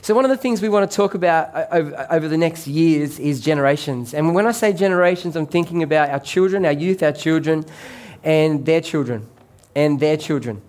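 A man's voice: on the high side, fairly quick, a little mellow. A man preaching a sermon as pastor, conversational and joking with the congregation.

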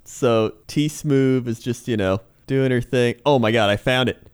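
A man's voice: medium pitch, a little slow, clear, resonant tone. A man co-hosting a casual podcast, telling a story with lots of laughter and acted-out quotes. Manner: animated storyteller, acts out quotes, laughs often. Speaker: podcast co-host. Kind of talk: casual chat, retelling a TV show.

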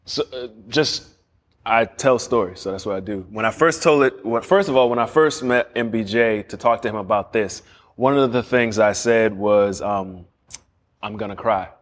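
A man who is a guest telling stories in a casual interview, animated, often restarting sentences and acting out what others said. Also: fairly low pitch, moderate pace, long reverb tail. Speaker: guest, series creator. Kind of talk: casual storytelling.

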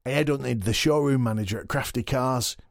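A man playing a dim, boastful male wrestling champion in a comedy podcast sketch, blunt and excitable. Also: medium pitch, a little fast, vocal fry, no room sound, clean studio sound, close to an everyday voice. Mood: cocky.

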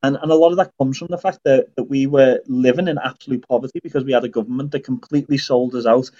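A man's voice: mid-range voice, fairly even intonation, quick pace, warm tone. Man from Northern Ireland, podcast co-host, earnest long-winded explainer, slightly dull lo-fi sound. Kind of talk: casual podcast chat.

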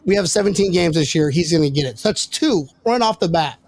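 A young man hosting a sports podcast, excitable and joking as he argues his picks and talks over the others. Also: fairly high pitch, fast talker. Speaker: podcast host. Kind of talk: casual sports banter.

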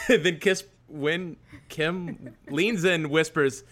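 A man's voice: fairly high pitch, takes it slowly, a bit bright. A man co-hosting a casual chat, telling a story and laughing as he goes. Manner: storytelling, laughs mid-sentence. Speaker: podcast co-host.

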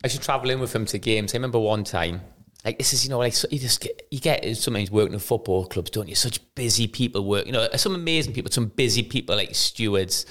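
A man co-hosting a casual chat podcast, telling lively anecdotes and acting out the people in them. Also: lowish voice, fast talker. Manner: lively storyteller who acts out quoted voices. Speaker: podcast co-host, ex-footballer.

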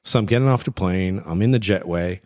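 A man's voice: sits low, fairly quick, darkish tone. A man co-hosting a podcast, chatting casually and telling funny stories with frequent laughs. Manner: storytelling, laughs often. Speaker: podcast co-host. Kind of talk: casual chat.

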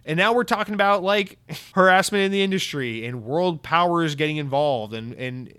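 A man's voice: fairly high pitch, animated, normal speed, pushed and bright, clear, resonant tone. A young man from the United States hosting a podcast, ranting in a heated, sarcastic and profane way. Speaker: podcast host. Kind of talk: opinionated podcast rant.

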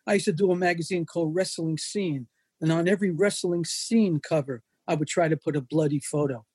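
An older man tells stories in a high, husky voice with a mellow, dark tone. He is animated and slips into other people's voices as he recounts what happened. The sound is dry and close. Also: a little fast, no room sound. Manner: animated anecdotes, acts out quoted voices. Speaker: wrestling photographer and magazine editor. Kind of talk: storytelling in an interview.

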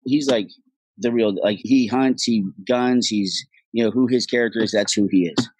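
Man, middle-aged, husky, dry close sound, lively storyteller, swears a lot. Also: medium pitch, moderate pace, no room sound, low-quality recording. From Ireland. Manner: animated storytelling, swears freely, acts out quoted voices. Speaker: actor guest. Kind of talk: casual podcast chat.

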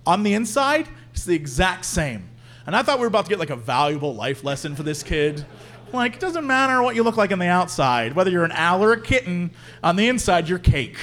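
A man's voice: high voice, quick pace. A man co-hosting a live comedy podcast, telling a funny story on stage and acting out the people in it. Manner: animated, acts out the people in his story. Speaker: podcast co-host.

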